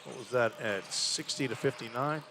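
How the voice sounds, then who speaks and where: A man's voice: mid-range voice, normal speed, noisy background. Man calling college basketball play-by-play. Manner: conversational, thinks aloud about stats. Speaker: play-by-play announcer. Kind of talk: live basketball commentary.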